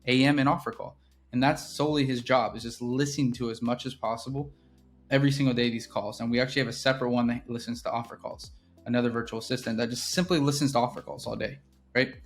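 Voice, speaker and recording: Fast-talking man explaining sales steps. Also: mid-range voice, soft background music. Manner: energetic, keeps checking in with "right?". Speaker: real estate business owner teaching sales. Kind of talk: casual instructional walkthrough.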